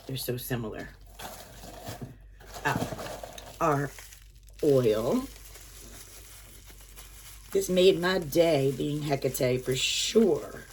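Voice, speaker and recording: A woman vlogger unboxes items at home, chatting casually and excitedly, gasping and dropping into delighted whispers. Her voice sits low and slightly rough, extremely slow with long pauses.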